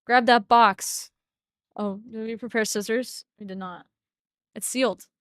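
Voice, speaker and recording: Young woman streamer, kinda high voice, chatty and giggly, dry close mic. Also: fairly even intonation, a little slow, no room sound. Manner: chatty storyteller, laughs often. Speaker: livestream co-host. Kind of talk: casual livestream chat.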